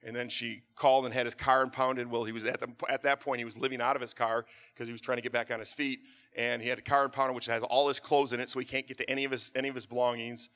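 A middle-aged man preaching a sermon, telling a story and then building to a fervent, near-shouted exhortation. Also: mid-range voice, little pitch movement, fast.

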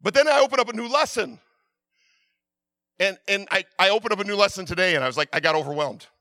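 A middle-aged man preaching a sermon, telling stories with many restarts and swinging from loud urging to quiet asides. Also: high voice, fast talker, dry recording, studio quality. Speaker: pastor.

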